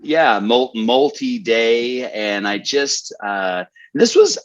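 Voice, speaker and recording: A man's voice: mid-range voice, big pitch swings, slow pace, dull audio. A man co-hosting a podcast, speaking hesitantly with many fillers and restarts. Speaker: podcast co-host. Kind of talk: casual podcast chat.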